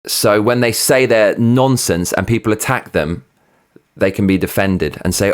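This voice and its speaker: A man's voice: fairly low pitch, normal speed. A man hosting his own show, ranting heatedly with plenty of swearing and sarcastic mockery. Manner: sarcastic, mocking. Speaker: host. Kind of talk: opinion rant.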